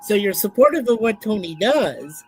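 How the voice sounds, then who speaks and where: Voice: mid-range voice, sing-song, moderate pace, husky, poor audio. A podcast co-host chatting casually, supportive and agreeable, laughing easily. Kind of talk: casual conversational chat.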